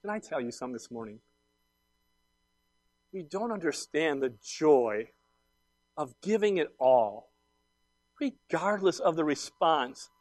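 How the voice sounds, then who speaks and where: High-voiced preaching man, animated storyteller. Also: unhurried, long pauses. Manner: animated, emphatic, swings from quiet asides to loud outbursts. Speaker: pastor. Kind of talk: sermon with personal storytelling.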